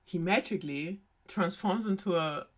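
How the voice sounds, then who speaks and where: A young woman retells an old fairy tale in a loose, sarcastic chat. She swears freely and laughs often, and her voice sits a little low. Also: normal speed. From Germany. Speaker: storyteller host.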